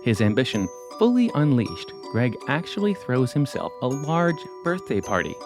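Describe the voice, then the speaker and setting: A man hosting a podcast, delivering scripted narration with dramatic pauses. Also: mid-range voice, sing-song, over music.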